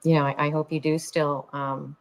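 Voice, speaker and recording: A woman's voice: deep voice, level tone, normal speed. A woman co-hosting a casual podcast, talking hesitantly with many fillers and restarts.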